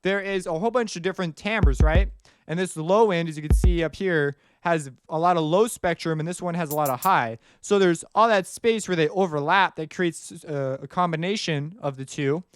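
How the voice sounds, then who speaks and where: A man's voice: on the high side, moderate pace, clear, resonant tone, no echo, studio quality. A man teaching music production in a casual, rambling way, often singing rhythms aloud as he explains. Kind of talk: screen-recorded tutorial explanation.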